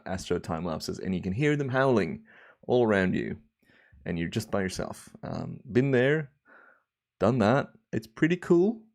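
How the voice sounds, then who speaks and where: Young man, casual livestream chat, relaxed, rambling, somewhat low-pitched. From Australia. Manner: relaxed, rambling, chatty with viewers. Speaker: livestream host.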